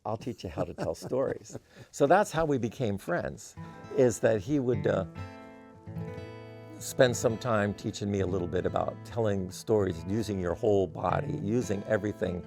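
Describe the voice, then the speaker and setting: A man's voice: fairly low pitch, normal speed, vocal fry, over music. A man, a musician guest in an interview, telling stories in a rambling way with many "you know" fillers. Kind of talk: casual interview storytelling.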